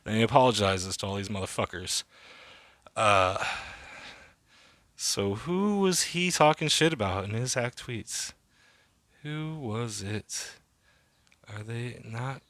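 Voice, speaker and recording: A man's voice: lowish voice, lively intonation, slow pace, long pauses, a bit bright, no room sound. A man in his thirties hosting a casual solo podcast, rambling and swearing freely with lots of fillers. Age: 30s. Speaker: podcast host.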